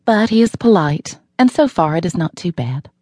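A woman's voice: on the low side, animated, normal speed, dark tone, no room sound. A woman narrating a novel in the first person, wry and matter-of-fact, recorded in a studio. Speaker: audiobook narrator.

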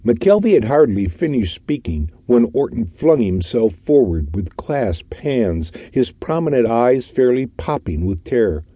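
A man reading a classic detective audiobook in a measured storytelling manner. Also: medium pitch, sing-song, warm tone, slightly rough, no echo. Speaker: audiobook narrator. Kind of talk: scripted audiobook narration.

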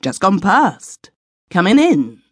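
A woman's voice: medium pitch, sing-song, takes it slowly, slightly rough, no echo, studio quality, pitched above the performer's own voice, full character voice. A woman narrator voicing Malcolm, a jaunty, idle twenty-two-year-old, the youngest brother.

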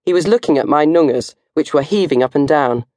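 An older woman reading her own comic novel in first person, animated and jumping to high squeals for effect. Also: a little fast, no room sound, clean studio sound.

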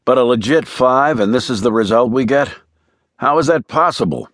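A man's voice: medium pitch, moderate pace, fairly bright tone, no room sound, studio quality, voice pushed up, natural voice. A man voicing a stressed, impatient male operation chief in his forties in an audiobook thriller. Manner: clipped, impatient. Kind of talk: audiobook character voice.

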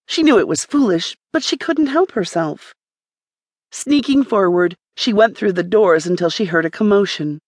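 A woman narrating a romance audiobook in a measured, even storytelling manner. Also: on the low side, no echo, clean studio sound.

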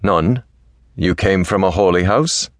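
A man doing a deep commanding Viking warlord. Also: no room sound, studio quality. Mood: sharp. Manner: low, measured and commanding.

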